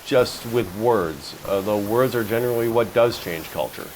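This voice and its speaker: A man hosting a podcast, telling stories in a relaxed, joking way and poking fun at himself. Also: fairly low pitch, moderate pace, slight background noise, low-quality recording. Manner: chatty storyteller, jokes about himself. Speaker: podcast host. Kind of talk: casual chat.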